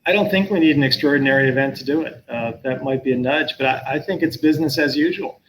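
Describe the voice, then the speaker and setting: A man's voice: medium pitch, fast talker, a bit bright, a little hiss or hum, low-quality recording. A middle-aged man, a professor, talking earnestly and thoughtfully on a call, often restarting his sentences. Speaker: professor and guest speaker. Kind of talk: conversational talk on a video call.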